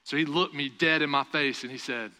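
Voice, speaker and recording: A young male preacher with a bright, forceful voice that sits a little high for a man. He tells his story with animated delivery and raises his voice for the dialogue. The sound carries a long reverb from a church sanctuary. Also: fairly quick. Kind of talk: sermon with personal story.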